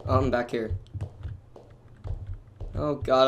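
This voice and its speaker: A young man playing a horror game, jumpy and excitable, swinging from quiet mumbling to panicked screaming. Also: medium pitch, takes it slowly, pauses often, heavy background noise. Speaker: gaming YouTuber.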